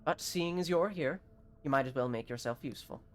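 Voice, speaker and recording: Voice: medium pitch, brisk, natural voice. A streamer reading aloud the lines of a brusque, short-tempered female chief engineer from a video game.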